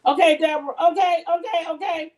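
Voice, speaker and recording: A woman's voice: extremely high pitch, steady tone, a little fast, darkish tone, distant mic, rough recording. A middle-aged woman hosting a casual live stream from her kitchen while she cooks. She talks bluntly, heatedly and with plenty of profanity. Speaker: livestream host. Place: home kitchen, cooking. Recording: voice a bit off-mic.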